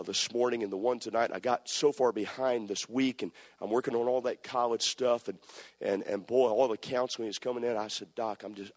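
A man, a pastor preaching a sermon, swinging from loud passionate peaks to quiet storytelling. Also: medium pitch. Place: church sanctuary. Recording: long reverb of a church hall.

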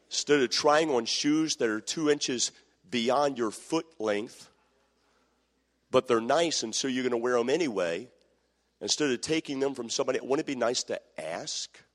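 A male preacher delivers a sermon in a mid-pitched voice, reading verses aloud and drawing answers from the listeners. He drops into little acted-out voices of everyday people to make his point. A long reverb from the hall trails behind each phrase. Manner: calls for answers from the congregation, acts out quoted voices.

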